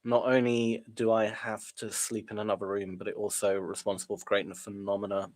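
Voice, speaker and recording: A man's voice: lowish voice, little pitch movement, brisk, darkish tone. A young man with a cold, casually narrating his live trading and chatting with viewers. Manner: casual, chatty, reads chat aloud and reacts. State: sniffly with a cold. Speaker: day trader streaming live. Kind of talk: live trading stream commentary.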